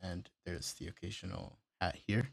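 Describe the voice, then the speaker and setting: A man casually walking through how he built a beat, step by step, in a relaxed, plain way. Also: sits low, normal speed, creaky, a little hiss or hum. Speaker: music producer tutorial host. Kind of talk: casual screen-recorded tutorial.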